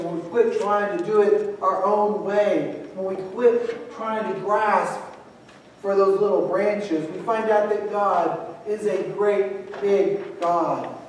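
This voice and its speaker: High-voiced preacher in an echoey church. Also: male voice, a little hiss or hum. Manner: storytelling with acted-out voices. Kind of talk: sermon. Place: church sanctuary. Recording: echoey church hall, distant mic.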